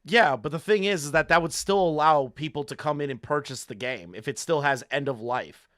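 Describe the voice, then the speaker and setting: Excitable streamer man, high bright voice. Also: fairly quick, no echo, clean studio sound. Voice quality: excitable, swears, shouts in disbelief. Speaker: streamer host. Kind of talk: reaction stream commentary.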